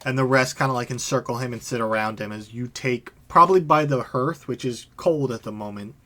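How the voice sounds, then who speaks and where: A man's voice: mid-range voice, fairly quick, sharp tone. A young man narrating as game master in a tabletop game, casual and filler-heavy.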